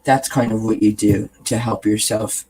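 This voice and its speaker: A man's voice: lowish voice, steady tone, moderate pace, a little mellow, a little hiss or hum, rough recording. Earnest man giving encouraging advice. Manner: earnest and encouraging, repeats phrases. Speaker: host. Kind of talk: casual wellness chat to viewers.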